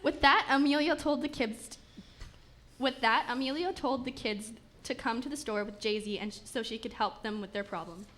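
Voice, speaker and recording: A woman's voice: a little high, normal speed. Woman narrating a comic story. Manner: steady reading with small stumbles and restarts. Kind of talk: reading a comic story aloud.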